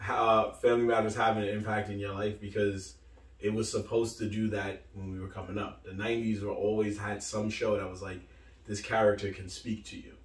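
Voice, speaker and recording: A man co-hosting a podcast, telling stories with lots of laughter and acted-out voices. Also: fairly low pitch. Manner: animated storyteller, acts out voices, laughs often. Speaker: podcast co-host. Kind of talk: casual chat. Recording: roomy echo, mic from a distance.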